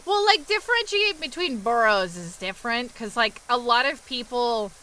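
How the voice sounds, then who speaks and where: A woman's voice: a little high, expressive, normal speed, sharp tone, rough recording. A young woman with a New York accent, chatting casually with her viewers while she plays a game and answers their questions. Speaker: streamer. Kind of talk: casual chat with live chat while gaming.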